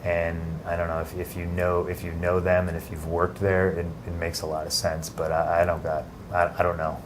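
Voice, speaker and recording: Interview guest, male, very low pitch, halting with restarts, faint noise behind. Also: monotone. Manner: halting, many restarts and fillers. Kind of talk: casual interview.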